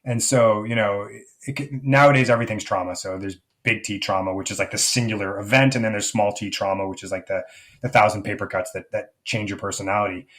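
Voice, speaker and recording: A man's voice: on the low side, fairly even intonation, fast, a bit bright. A man speaking as a life coach guest in a podcast interview, reflective and rambling, with many fillers and restarts.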